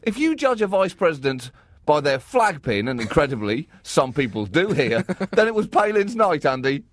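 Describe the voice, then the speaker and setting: A man's voice: on the high side, sing-song, moderate pace, dry recording. A man co-hosting a satirical comedy show, sardonic and often laughing at his own jokes. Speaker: comedy co-host.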